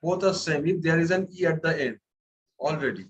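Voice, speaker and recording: A man's voice: on the high side, expressive, fairly quick, muffled recording, slight background noise. A man teaching a French class, patient, repeating words and checking that students follow. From India. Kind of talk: classroom lesson.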